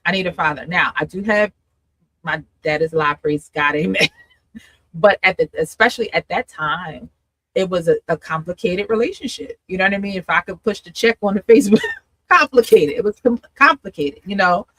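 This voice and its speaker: A woman's voice: lowish voice, moderate pace, fairly bright tone, no echo, low-quality recording. A woman hosting a live talk, telling her story with feeling, laughing often and acting out her past self. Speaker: host and coach. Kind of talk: candid testimony in a live conversation.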